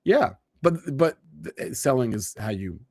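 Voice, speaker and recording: A man hosting a casual market show, talking in an animated way with frequent restarts. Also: medium pitch, a little slow, no room sound. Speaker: show host.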